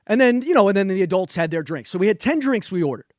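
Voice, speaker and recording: A man co-hosting a podcast in casual chat, his voice sitting a little high. He tells everyday stories with animated, chatty energy. The sound is dry and close, with no room around it. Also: fast talker, no room sound. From North Carolina, USA. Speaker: podcast co-host.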